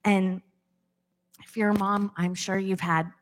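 A woman's voice: medium pitch, little pitch movement, unhurried. A woman pastor preaching a sermon from a church stage, impassioned, acting out inner voices with big swings in tone.

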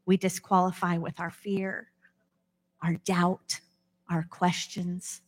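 A woman's voice: fairly low pitch, little pitch movement, slow, slightly rough. A woman pastor preaching a sermon from a church stage, impassioned, acting out inner voices with big swings in tone.

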